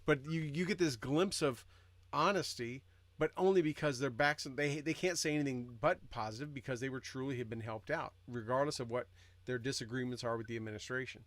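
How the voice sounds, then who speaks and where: A man's voice: mid-range voice, brisk, fairly bright tone, dry recording. Give me a man co-hosting a podcast, earnest and argumentative, recorded dry and close. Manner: earnest, repeats words while building an argument. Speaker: podcast co-host. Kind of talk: casual podcast chat.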